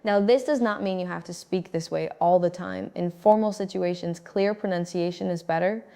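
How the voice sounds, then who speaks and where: A woman giving a calm, scripted English-speaking lesson, pronouncing each word clearly and steadily. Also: fairly low pitch, moderate pace. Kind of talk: scripted instructional narration.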